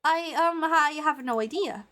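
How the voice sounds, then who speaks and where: A woman's voice: sits high, unhurried, a bit bright, voice pushed up. A woman doing a stammering, jittery young man. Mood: nervous. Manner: stammering, flustered. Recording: game music playing behind.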